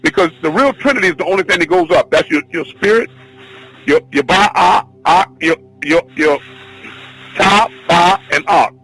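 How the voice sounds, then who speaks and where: A man teaching a spiritual class, telling a long personal story in an excited, rambling, repetitive way. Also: high voice, normal speed, breathy edge, soft background music, low-quality recording. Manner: excitable, repetitive, restarts often. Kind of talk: rambling spoken testimony.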